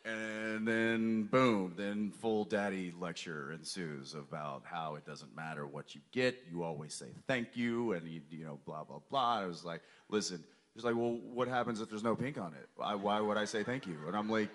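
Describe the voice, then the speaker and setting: Bright-voiced man telling animated stories. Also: fairly low pitch, moderate pace, few pauses. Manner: animated, jokey, bursts into loud mock-scolding. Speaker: convention panel guest. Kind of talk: storytelling to an audience. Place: large convention hall with audience.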